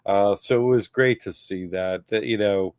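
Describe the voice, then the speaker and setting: A man co-hosting a casual livestream chat, telling stories with lively quoted voices and laughs. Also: on the low side, moderate pace, smooth, dry recording, clean studio sound. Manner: animated storytelling, acting out quoted voices with laughs. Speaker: co-host.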